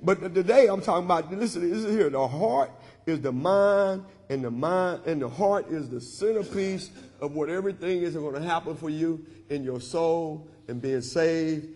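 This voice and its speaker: A man's voice: a little high, moderate pace, darkish tone. A man preaching a sermon as pastor, repeating lines in call-and-response style. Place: church sanctuary. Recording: long church hall reverb.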